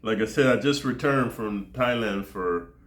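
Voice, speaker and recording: Brief: American male vlogger, lowish voice, loose profane rambling, roomy echo. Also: measured pace, fairly bright tone. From United States. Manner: rambling, profane, peppers speech with dude and man. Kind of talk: casual to-camera monologue.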